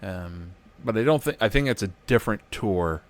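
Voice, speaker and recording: Relaxed male co-host, lowish voice, easygoing and precise about details. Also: normal speed. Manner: laid-back, reminiscing, corrects details. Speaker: podcast co-host. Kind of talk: casual chat.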